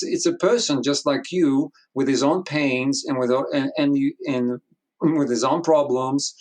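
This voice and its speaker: Man telling a story with restarts. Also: medium pitch. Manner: animated storytelling, acts out quoted dialogue, frequent restarts. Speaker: guest, business consultant. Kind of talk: conversational interview.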